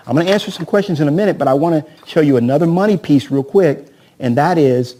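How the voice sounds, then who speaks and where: An energetic man coaching a room full of agents, his voice pitched a bit high yet dark and mellow in tone. He keeps throwing questions at the crowd and acts out sales scripts with a volunteer. He teaches in a lively seminar style. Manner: energetic, peppers talk with "right?" and questions to the audience. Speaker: real estate trainer.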